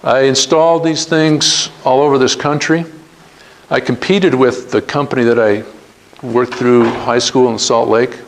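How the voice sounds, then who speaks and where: A middle-aged man speaks to students as a guest speaker, telling his story in an earnest way. His voice sits at an ordinary pitch for a man. He acts out the dialogue he quotes. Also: level tone, a little slow, slight background noise, low-quality recording.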